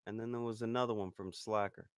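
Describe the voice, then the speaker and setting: A man's voice: fairly low pitch, steady tone, fast, clean tone, dry recording, clean studio sound. A man co-hosting a casual live stream, teasing the others and reading chat aloud. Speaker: co-host.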